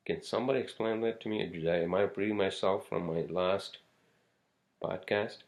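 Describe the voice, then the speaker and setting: This man's voice sits low and moves at a normal speed. He hosts a casual solo podcast, drifting between subjects with plenty of profanity, filler words and side remarks.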